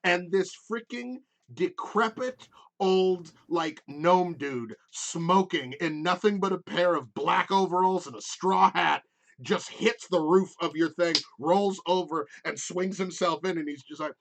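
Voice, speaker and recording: A man's voice: high-pitched, a little slow, vocal fry. Rambling man running a tabletop game. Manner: rambling, filler-heavy. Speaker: game master.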